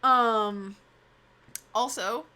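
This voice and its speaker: A woman's voice: fairly high pitch, fairly even intonation, very slow, bright, forceful tone. A young woman chatting casually on her live stream, bubbly and self-mocking.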